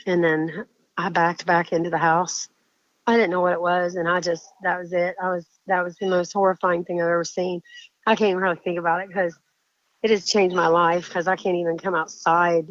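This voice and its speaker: A woman caller telling a frightening encounter story in a shaken, halting way, often breaking off and restarting sentences. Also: lowish voice, flat delivery, no room sound, highs cut off. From Indiana.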